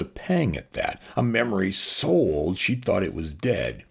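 A male audiobook narrator with a deep, gravelly voice and a husky grain. His reading is lively and expressive, and his pitch roams widely as he moves through the story. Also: measured pace, few pauses. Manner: expressive, shifts pitch for each character.

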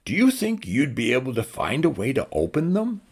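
A man voicing a small, gentle young robot drone that talks softly and eagerly. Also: medium pitch, huge pitch swings, brisk, breathy edge, pitched above the performer's own voice, full character voice. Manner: soft, quiet and eager.

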